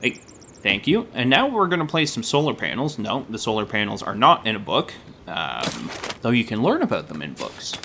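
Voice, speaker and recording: A man's voice: lowish voice, huge pitch swings, normal speed, gravelly, bright, forceful tone, a little hiss or hum. A man giving casual, rambling gameplay commentary, self-deprecating and full of dad jokes. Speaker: gaming YouTuber.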